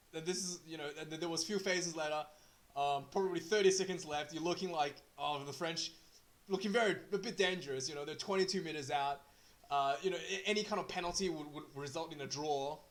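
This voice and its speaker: A man's voice: on the high side, a bit bright. Chatty man recapping a rugby match. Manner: halting, full of fillers and restarts. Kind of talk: casual unscripted match recap.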